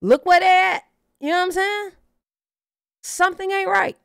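A woman hosting a reaction channel, giving blunt, profane, animated opinions in casual commentary. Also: very high voice, moderate pace, creaky, no room sound, studio quality.

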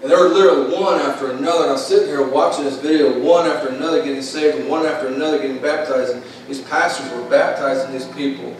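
A man's voice: medium pitch, steady tone, fast talker, hardly any pauses. A man preaching a sermon as pastor, folksy and plain-spoken, building into impassioned, repetitive calls. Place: church sanctuary. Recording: echoey room from far off, faint hiss.

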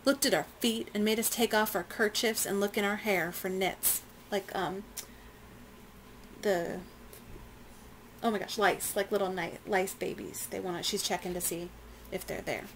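Teacher reads a chapter aloud to students; plain reading, casual asides, faint noise. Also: female voice, mid-range voice, fairly even intonation, normal speed, low-quality recording. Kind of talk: reading a novel aloud to a class.

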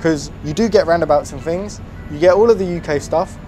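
A young man with a British accent chatting casually over his driving game, excitable and prone to yelps and swearing. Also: on the high side, brisk, faint music behind. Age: young adult. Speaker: gaming YouTuber. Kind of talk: casual gameplay commentary.

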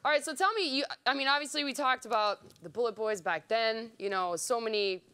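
A woman's voice: a little high, fairly quick, fairly bright tone, clear, resonant tone. Bubbly woman hosting a music show. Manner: bubbly and self-deprecating, chatty. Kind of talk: casual interview chat. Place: studio, for a live web broadcast. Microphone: studio microphone.

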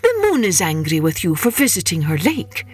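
A woman's voice: on the low side, wildly swooping pitch, moderate pace, breathy edge, no room sound, faint music behind, exaggerated voice. A woman voicing a clever, confident male hare king in a children's story, speaking in a persuasive, knowing way. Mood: sly.

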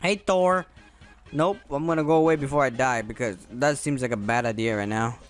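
A man giving casual, excitable and playful commentary over his own gameplay. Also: mid-range voice, brisk, faint music behind. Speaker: gamer commentator.

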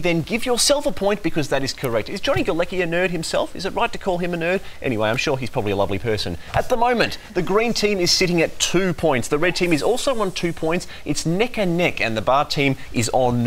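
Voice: medium pitch, big pitch swings, fast talker, few pauses. A quiz show host with a jokey, playful manner who laughs at their own lines. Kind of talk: hosting a pop-culture quiz. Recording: music playing behind the voice.

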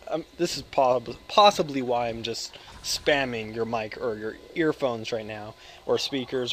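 A man's voice: medium pitch, a little hiss or hum. Hyper young American guy rambling. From United States. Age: 20s. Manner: hyper, joking, profane, self-interrupting. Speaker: gaming video creator. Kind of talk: rambling gameplay commentary.

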